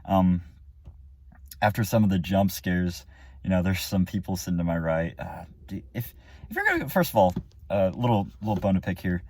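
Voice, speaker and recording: A man's voice: sits low, very animated, normal speed, a little mellow, no room sound. A man giving a casual, rambling spoken movie review, full of fillers and restarts. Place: car or room after the movie.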